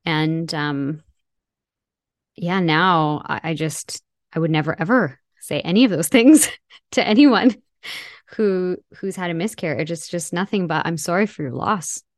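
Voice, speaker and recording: Woman, interview guest, reflective, halting speech, dry close sound. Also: lowish voice, no room sound. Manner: reflective, halting with frequent restarts. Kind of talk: personal storytelling in an interview.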